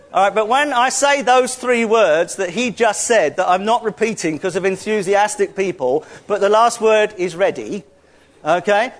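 A man leading a playful, interactive sermon, joking with the congregation and calling out to them loudly. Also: sits high. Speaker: church speaker.

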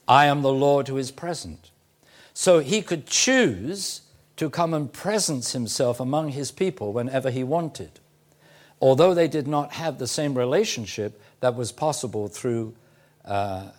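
A man preaching a sermon, teaching slowly and deliberately with emphatic phrasing and occasional fillers. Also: mid-range voice, a little mellow. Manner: occasional throat clearing and "uh" fillers.

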